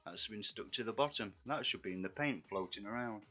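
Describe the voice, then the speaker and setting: A middle-aged man with a rough Yorkshire accent, chatting and bantering with viewers while he paints miniatures on a live stream. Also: on the low side, fairly quick, a bit bright. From England. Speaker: live-stream hobby host. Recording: dull lo-fi stream audio, faint music.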